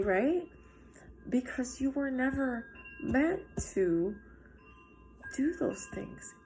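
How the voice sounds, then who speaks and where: A woman giving a spiritual tarot reading, talking straight to her viewers in a halting, earnest way with lots of fillers and restarts. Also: mid-range voice, warm tone. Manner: earnest and encouraging, addressing viewers directly. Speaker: tarot reader.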